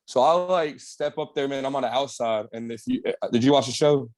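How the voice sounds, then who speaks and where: A man's voice: medium pitch, fairly quick, a little mellow. A young man, a bodybuilder guest on an interview, telling his story in a laid-back, slangy way with lots of swearing. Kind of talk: casual candid storytelling.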